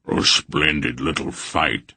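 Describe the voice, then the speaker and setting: A man voicing a big, hearty male warrior who rumbles out his boasts about a street fight. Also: fairly even intonation, slow, pushed and bright, slightly rough, dry recording, full character voice. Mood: pleased.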